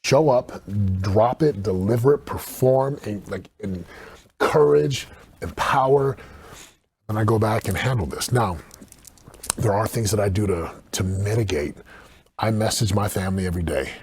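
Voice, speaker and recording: A man speaking as a podcast guest, telling stories in an earnest, animated way and acting out quotes. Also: on the low side, moderate pace, breathy edge. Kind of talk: casual podcast conversation.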